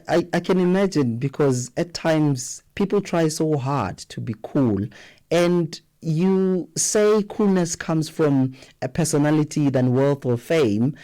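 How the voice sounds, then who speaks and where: Radio host guy, mellow tone, trips over his words a bit. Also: on the high side. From South Africa. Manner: hesitant questions with repeated words. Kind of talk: broadcast interview.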